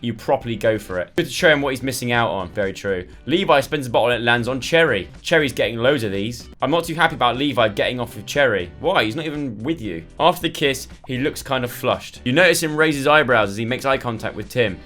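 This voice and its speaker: A young man with a lively, rising-and-falling voice reads a story game aloud and drops in chatty, playful asides. His voice sounds a little strained from shouting earlier. Faint music plays in the background. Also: medium pitch, fast, few pauses. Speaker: gaming YouTuber.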